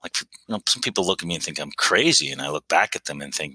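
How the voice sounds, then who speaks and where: A middle-aged man from Canada, a podcast guest telling recovery stories in an excitable, animated way. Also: very deep voice, quick pace, few pauses, breathy edge, no echo, rough recording. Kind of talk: recovery story conversation.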